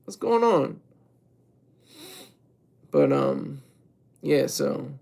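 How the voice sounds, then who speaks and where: A man's voice: medium pitch, animated, extremely slow, vocal fry, a little mellow. A man streaming live, commenting on music and answering his chat in a loose, rambling way, often repeating and correcting himself.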